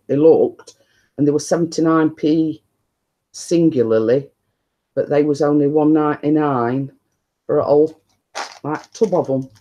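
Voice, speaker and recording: A man hosting a casual live stream from his living room, talking quietly and rambling chattily to viewers. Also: fairly high pitch. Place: living room at home, indoors.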